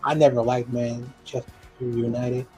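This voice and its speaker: Mellow-voiced rambling man joking on stream. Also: mid-range voice, little pitch movement, measured pace, soft background music. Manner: rambling, joking, laughs often, loses his train of thought. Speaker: co-host of a live football watch stream. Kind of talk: casual chat.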